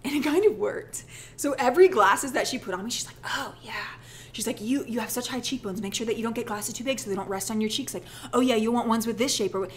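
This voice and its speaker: Young woman, casual vlog storytelling, self-deprecating, lively quoting, slightly high pitch. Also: fast, a little hiss or hum. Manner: rambling, animated, self-deprecating, acts out quotes. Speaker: vlogger.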